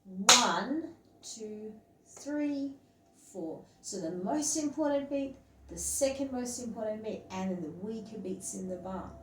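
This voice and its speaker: A woman's voice: mid-range voice, moderate pace, warm tone. Woman teacher explaining from across a room. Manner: explains patiently, counts beats aloud. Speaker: music teacher. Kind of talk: step-by-step classroom explanation. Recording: roomy, distant mic, faint hum.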